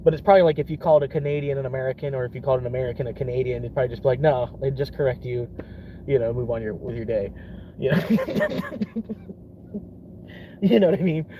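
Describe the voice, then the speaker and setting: A man's voice: medium pitch, fast talker, pauses often, lo-fi sound, background noise. A young man from Florida in a casual rambling vlog, swearing often and laughing between thoughts. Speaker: vlogger.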